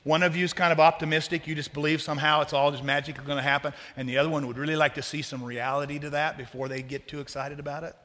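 A man preaching a sermon as pastor, talking to the congregation in a conversational, joking way with lively asides. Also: a little high, fast talker, hardly any pauses, in a large hall.

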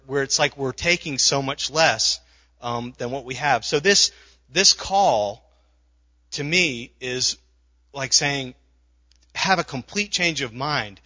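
A man's voice: fairly high pitch, sharp tone, dull audio. A man preaching a sermon in a conversational way, with frequent restarts and asides. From not from the South. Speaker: pastor.

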